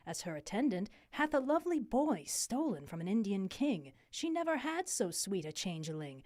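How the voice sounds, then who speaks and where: A woman voicing a mischievous male sprite in a low, quiet, conspiratorial tone. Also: sing-song, moderate pace, no echo, studio quality, lightly acted. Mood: sly.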